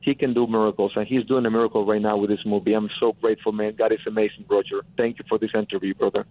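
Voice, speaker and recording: A man's voice: fairly low pitch, level tone, quick pace, no echo. A man from Mexico with a Mexican accent, a guest producer telling his story earnestly, repeating phrases for emphasis. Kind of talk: phone-in interview storytelling. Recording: tinny phone line.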